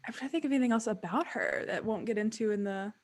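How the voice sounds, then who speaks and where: A woman's voice: a little high, fast. A woman chatting casually and giggling as a player describing her tabletop game character. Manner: chatty and giggly, lots of fillers.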